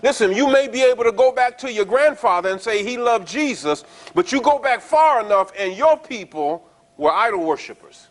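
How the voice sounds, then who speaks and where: A man preaching a sermon, explaining scripture in a conversational way, checking in with his listeners and slowing down to stress the verses. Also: very high voice, expressive. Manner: explains scripture conversationally, often asking the congregation "right?"; reads verses slowly and stresses key words. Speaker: pastor.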